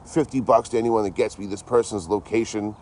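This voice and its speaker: A man's voice: on the low side, fairly even intonation, fairly quick, a little mellow, slight background noise, pitched above the performer's own voice, close to an everyday voice. A man quoting a demanding male online troll in his own voice. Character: agitated male online troll making threats.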